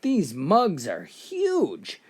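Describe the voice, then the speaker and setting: A man voicing a blind male traveler in a joke, who talks slowly and in wonder and later shouts in panic. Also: sits high, wildly swooping pitch, heavily acted. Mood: amazed. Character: blind man visiting a big state, easily astonished.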